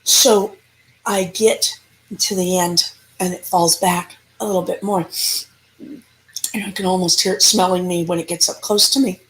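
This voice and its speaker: Woman paranormal investigator telling a spooky story, lively, acts out the voices. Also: on the low side, measured pace, pauses often. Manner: animated storyteller, acting out dialogue. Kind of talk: storytelling in an interview.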